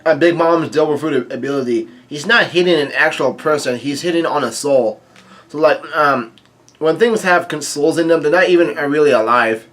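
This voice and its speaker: A man casually reading a comic chapter aloud, quoting lines and adding his own quick asides. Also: mid-range voice, a bit bright. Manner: reads quoted lines aloud with brief reactions and asides, many fillers. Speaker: manga reading commentator.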